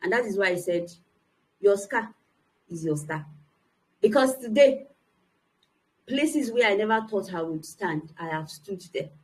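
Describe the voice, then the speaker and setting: Young woman speaker, mid-pitch voice, emphatic testimony to a youth audience. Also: expressive, unhurried, long pauses, low-quality recording. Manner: earnest, emphatic storytelling. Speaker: motivational speaker. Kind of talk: personal testimony talk.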